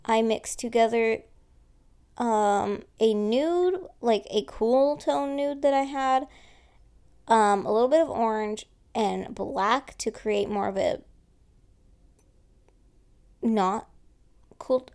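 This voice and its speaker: A woman's voice: fairly high pitch, slow, long pauses, a little mellow. A woman who has just woken up, narrating her nail art video in a rambling, casual voice-over full of fillers. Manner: rambling, filler-heavy, self-correcting. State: just woke up, yawning.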